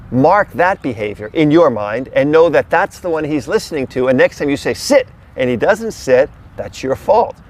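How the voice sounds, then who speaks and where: Middle-aged guy, dog trainer, pretty high voice, keeps hammering the same point like a coach, faint traffic hum outside. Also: a little mellow. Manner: emphatic, repetitive coaching delivery. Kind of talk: casual instructional talk to camera. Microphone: camera held by another person.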